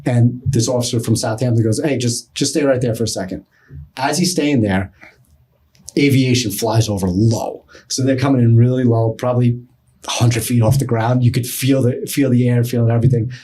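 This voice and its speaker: A middle-aged man, telling a story with a husky, slightly rough voice. He is animated, switches into other people's voices as he acts out their lines, and swears casually. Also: medium pitch, moderate pace. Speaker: podcast guest.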